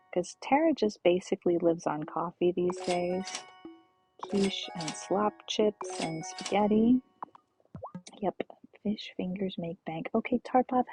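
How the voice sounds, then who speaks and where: A woman streaming a relaxed game, talking slowly and softly, often half-whispering as she goes. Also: lowish voice. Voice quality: gravelly, husky. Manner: slow, soft-spoken, often half-whispered. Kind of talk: relaxed gameplay commentary.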